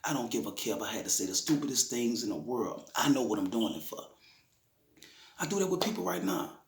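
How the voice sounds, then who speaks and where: A man's voice: medium pitch, very animated, a little fast, gravelly. A middle-aged man, a father telling an emotional personal story in a conversational, repetitive way. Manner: conversational, repeats himself, frequent "you know what I'm saying". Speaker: grieving father interviewee. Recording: roomy echoey room.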